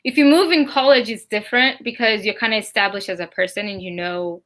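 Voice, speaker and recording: A young Kenyan woman, a guest in a casual interview, speaks briskly in a medium-pitched, fairly bright voice. Her Kenyan accent carries traces of British, Southern US, and Seattle speech, and she chats easily, laughs often, and acts out quoted voices.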